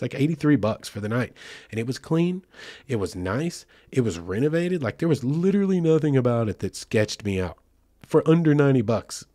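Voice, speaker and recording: A man's voice: mid-range voice, mellow, dry recording, studio quality. A man hosting a podcast, telling a road trip story in a loose, chatty way with many fillers and asides. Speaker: podcast host. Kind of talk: casual storytelling.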